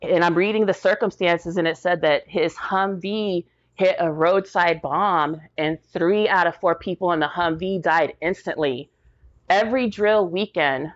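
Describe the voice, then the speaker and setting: A middle-aged woman veteran telling stories casually in an interview, animated and slangy, acting out the voices of the people she quotes. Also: lowish voice, measured pace, muffled recording. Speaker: military veteran guest.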